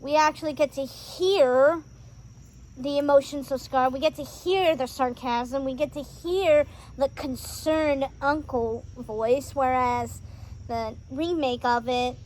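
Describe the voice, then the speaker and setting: Female host, high pitch, casual outdoor film-review vlog, rambly and excitable, lots of ums. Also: slow, slight background noise. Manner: excitable and rambling, with many fillers and restarts. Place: outdoors on a home driveway.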